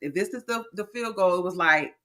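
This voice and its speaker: Bright-voiced chatty woman co-host. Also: fairly low pitch, brisk. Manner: chatty, gives advice with hesitant ums. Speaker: podcast co-host. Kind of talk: casual chat.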